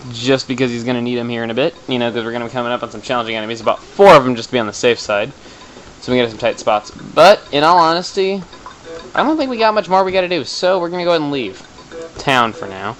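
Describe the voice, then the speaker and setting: A man giving chatty, excitable commentary while playing a video game, tossing in the odd swear for effect. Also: medium pitch, fast talker, a little hiss or hum, rough recording. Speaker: let's play host. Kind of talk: casual gameplay commentary.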